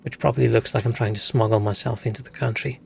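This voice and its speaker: Chatting casually during a game stream, a young South African man tells rambling stories and swears a lot. He speaks at a quick pace in a creaky, mid-range voice with fairly even intonation, and there's slight background noise.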